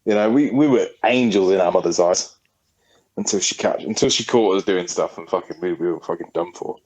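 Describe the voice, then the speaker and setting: A man's voice: low-pitched, brisk, darkish tone, slightly rough, poor audio. A man, a podcast co-host telling a story in a rambling, sweary, casual way. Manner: rambling, sweary, laughing often.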